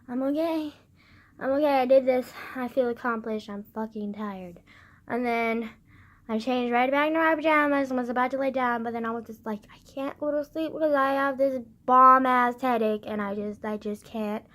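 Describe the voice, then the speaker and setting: Teen girl, high voice, phlegmy and sick, swearing, dramatic rant. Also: fairly bright tone. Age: teens. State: congested with phlegm. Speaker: vlogger. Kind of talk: casual rant.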